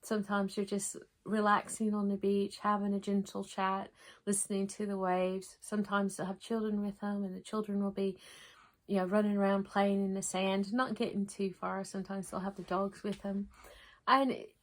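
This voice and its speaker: A woman with a mixed American and English accent, hosting a crafting vlog in a gentle, rambling chat to camera with frequent restarts. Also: mid-range voice, flat delivery, normal speed. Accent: mix of American and English.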